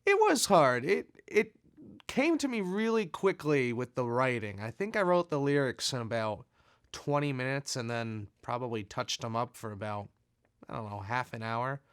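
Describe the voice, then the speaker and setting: A man's voice: medium pitch, expressive, normal speed, smooth, no echo, studio quality. A man who makes videos, chatting in an easygoing, self-deprecating way as he responds to fan letters. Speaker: video creator.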